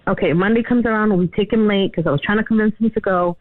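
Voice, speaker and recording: Phone-in caller, woman, earnest and halting, tinny dry line. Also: mid-range voice, no room sound. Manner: earnest, emotional, halting retelling with many fillers. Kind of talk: telling a personal story on a radio call-in.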